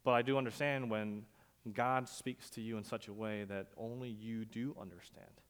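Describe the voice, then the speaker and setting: Guy pastor giving a sermon, chatty storytelling, big echoey church sound, gets loud then real quiet. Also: on the low side, steady tone, normal speed, clear, resonant tone. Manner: conversational storytelling with sudden loud emphasis and quiet drops. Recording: long hall reverb.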